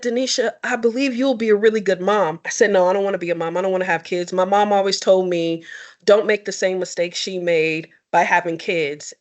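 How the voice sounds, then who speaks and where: A young adult woman sharing personal stories in a candid, expressive and sometimes tearful conversation. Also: medium pitch. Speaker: podcast co-host. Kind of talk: emotional heartfelt conversation.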